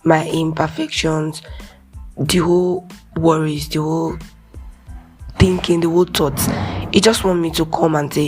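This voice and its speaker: A young woman from Nigeria giving a casual, earnest devotional talk, conversational with soft whispered asides. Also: sits low, fairly even intonation, moderate pace, faint music behind. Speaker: Christian speaker.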